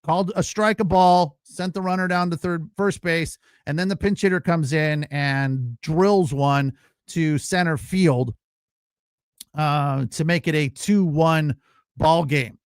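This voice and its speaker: Guy with a high voice doing a sports podcast, rambly and ranty, dry close sound. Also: slow, clear, resonant tone, no room sound. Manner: loose, ranting, with fillers and swearing. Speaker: podcast host. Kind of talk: casual sports podcast talk.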